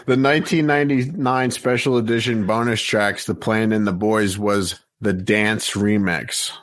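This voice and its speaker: A man's voice: lowish voice, unhurried. A man hosting a podcast, reading out song lists with frequent fillers in casual chat. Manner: steady, list-reading with many fillers. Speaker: podcast host.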